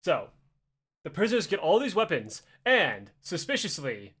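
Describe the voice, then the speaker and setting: A man casually telling a history story on a podcast, animated and profane, acting out quotes and laughing often. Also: on the high side, normal speed, slightly rough.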